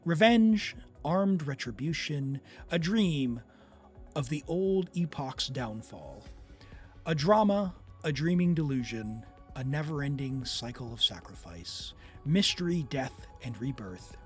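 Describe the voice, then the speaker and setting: A man doing a put-on narration voice, reading grand lore slowly and dramatically. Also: on the high side, sing-song, darkish tone, soft background music. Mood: solemn. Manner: slow, measured, dramatic recitation. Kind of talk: dramatic read-aloud of game text.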